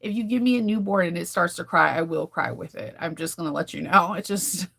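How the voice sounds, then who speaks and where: A woman in her thirties talks straight to her viewers in a relaxed daily vlog. She rambles from one thought to the next and laughs often between sentences. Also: lowish voice, a little fast, creaky, slightly rough. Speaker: sewing vlogger. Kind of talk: casual daily vlog chat.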